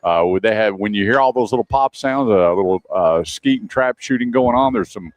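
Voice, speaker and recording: A man, his voice low-pitched, hosts a casual radio show recorded outdoors. He talks chattily and tells anecdotes with plenty of laughter. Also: fairly quick. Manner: chatty storyteller, laughs often. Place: outdoors at a shooting range.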